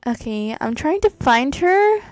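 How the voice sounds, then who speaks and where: A woman's voice: high voice, sing-song, measured pace, a little mellow, low-quality recording. A young woman chatting casually as she plays, gushing and giggling often as she comments on her game. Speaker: gaming YouTuber.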